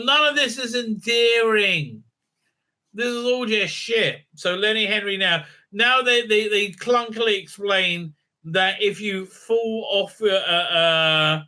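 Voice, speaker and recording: A man reviewing a TV episode in a sarcastic, profane rant, halting with many fillers. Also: fairly high pitch, bright, forceful tone. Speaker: TV show reviewer. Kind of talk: ranting recap and review.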